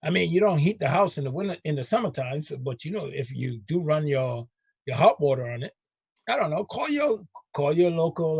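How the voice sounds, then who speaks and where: A male radio host with a gravelly, husky voice that swings widely in pitch as he riffs emphatically. He sits close to a dry mic and talks casually with his co-host. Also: fairly quick, no echo. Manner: animated, emphatic, laughing, puts on voices.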